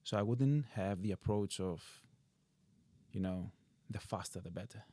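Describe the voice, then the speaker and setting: Low-voiced man. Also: unhurried, mellow, dry recording. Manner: plain, direct, slightly non-native phrasing. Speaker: personal trainer guest. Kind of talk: casual podcast interview.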